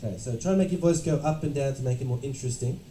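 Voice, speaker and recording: A man teaching a classroom of test-prep students, explaining clearly and checking in with the class as he goes. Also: medium pitch, very fast, warm tone, slight background noise. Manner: instructive, repeats "right?" to check understanding. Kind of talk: classroom lecture. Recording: roomy classroom from a distance.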